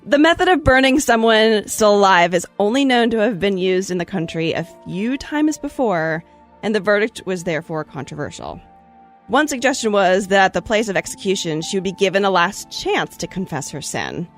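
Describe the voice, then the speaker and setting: A woman's voice: medium pitch, lively intonation, moderate pace, soft background music. A woman hosting a podcast, telling a history story in a breezy, chatty way with playful asides. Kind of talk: casual storytelling chat.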